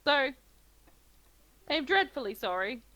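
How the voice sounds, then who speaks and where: A smooth, self-referring information broker, oily and falsely apologetic, voiced by a woman in a tabletop game. The voice sits fairly high and lifts brightly on each line. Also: big pitch swings, slow pace, heavily acted.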